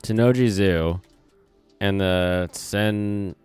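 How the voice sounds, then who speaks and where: A man's voice: on the low side, unhurried, clear, resonant tone. A man with a slight Southern US twang, hosting a casual livestream. He rambles, corrects himself as he goes and reads chat aloud, on a close desk microphone. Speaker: streamer and channel host. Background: soft lo-fi music and keyboard typing.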